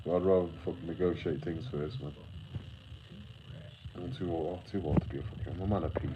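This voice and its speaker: A very deep-voiced man talks loosely to his chat on a late-night livestream, sleepy and yawning. He rambles in laid-back slang and swears often. A steady hiss of noise sits under his voice. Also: brisk.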